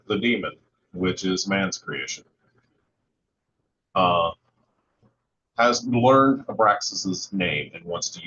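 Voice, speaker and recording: Slow, low-voiced man on a dull line. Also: a bit bright. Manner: slow, halting, many restarts. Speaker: guest. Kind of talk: casual livestream chat. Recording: dull lo-fi line with faint noise.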